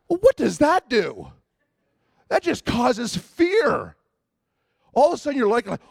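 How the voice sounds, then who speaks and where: Male pastor, high voice, animated storyteller, dry and close. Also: measured pace, creaky, pauses often, no room sound. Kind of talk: sermon.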